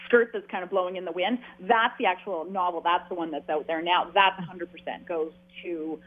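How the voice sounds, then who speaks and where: A talkative Canadian woman, an author appearing as a guest, tells her story loosely in a casual interview, often restarting sentences. Her fairly even, moderately paced voice comes over a thin, phone-like line missing lows and highs.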